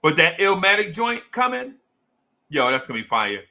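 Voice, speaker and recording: Host, male, young adult, New Jersey accent; raised pitch, gravelly edge, slangy hype chat to fans. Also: sing-song, moderate pace, pushed and bright. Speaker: sports show host. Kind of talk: casual livestream chat to fans.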